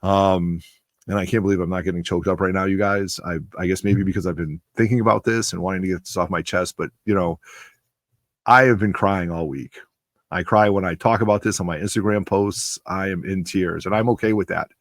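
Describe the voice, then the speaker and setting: A man's voice: low-pitched, steady tone, brisk, no room sound. A man in his forties hosting a comic book channel, giving a heartfelt, rambling and emotional spoken tribute.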